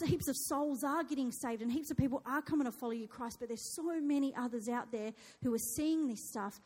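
High-voiced Australian woman preaching. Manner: lively, chatty, laughing asides. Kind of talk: sermon with personal storytelling. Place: church hall. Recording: echoey hall reverb.

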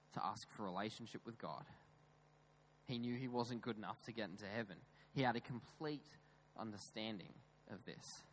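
A man preaching a sermon in a church, emphatic, with raised stresses that drop into quiet, low asides. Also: a little hiss or hum, rough recording. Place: church with screens.

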